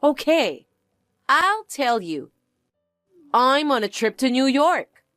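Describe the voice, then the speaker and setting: A woman's voice: high voice, sing-song, slow, a bit bright, no echo, faint music behind, heavily acted. A woman voicing a spoiled, boastful young stepsister who talks in a condescending, whiny and demanding way. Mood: smug, bratty. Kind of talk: dramatized story reading.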